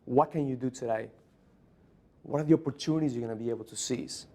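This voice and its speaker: A man's voice: mid-range voice, quick pace, warm tone. Brief: male keynote speaker, emphatic, storytelling, mid-range voice. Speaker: motivational speaker. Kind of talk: conference keynote speech.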